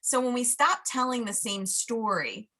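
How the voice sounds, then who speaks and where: A woman with a bright, forceful voice chats as a podcast guest. She tells a personal story with animated energy and acts out the voices in her head. Her manner is lively and full of easy laughter. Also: fairly high pitch, measured pace. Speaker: podcast guest, life coach. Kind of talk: casual storytelling chat.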